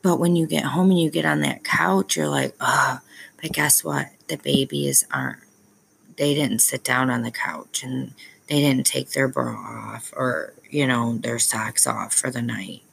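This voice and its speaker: A woman's voice: extremely low pitch, a little slow, creaky, slight background noise, low-quality recording. A young woman, a parent, talking candidly to her viewers in a rambling vlog, with plenty of ums and self-aware asides. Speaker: parent vlogger.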